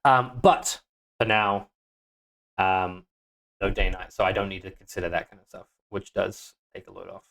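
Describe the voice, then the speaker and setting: A man's voice: deep voice, normal speed, vocal fry. Swearing man thinking aloud in a Scottish accent. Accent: Scottish (put on). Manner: mutters to himself, swears, sudden excited outbursts. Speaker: game developer streaming. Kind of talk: live-coding stream, thinking aloud.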